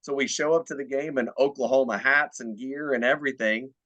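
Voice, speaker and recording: A man co-hosting a casual sports podcast, relaxed and recalling a shared trip. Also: mid-range voice, brisk, muffled recording. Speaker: podcast co-host.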